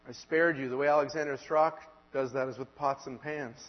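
A male preacher giving an earnest sermon, slowing down and pressing hard when he quotes scripture. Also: medium pitch, steady tone. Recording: dull lo-fi sound in a reverberant hall.

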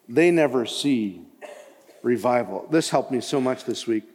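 A man preaching a sermon as pastor, impassioned and rising to loud emphatic cries. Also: medium pitch, expressive, unhurried, slightly rough. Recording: long hall reverb.

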